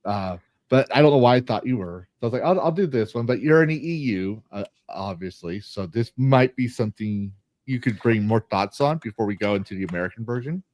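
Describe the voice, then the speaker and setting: Male podcast host, lower register, rambling earnest talker, dead-dry sound. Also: expressive, fairly quick, a little mellow, no room sound. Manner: rambling, restarts and fillers, earnest. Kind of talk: casual podcast chat.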